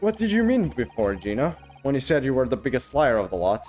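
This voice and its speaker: A man voicing an earnest young male defense lawyer who asks gentle, pleading questions in a game read-through. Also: medium pitch, very animated, fairly quick, faint music behind, close to an everyday voice.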